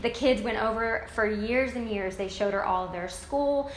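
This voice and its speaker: A woman's voice: on the high side, moderate pace. A woman retelling a book's story in a casual, gushing, enthusiastic way. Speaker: book recap speaker. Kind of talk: casual book recap. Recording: roomy echo, faint ambient noise.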